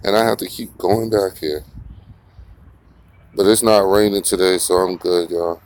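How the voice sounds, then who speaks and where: A man's voice: low voice, steady tone, measured pace, a little mellow. A man hosting a casual morning commentary, rambling and profane, mocking his targets and laughing often. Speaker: commentary channel host.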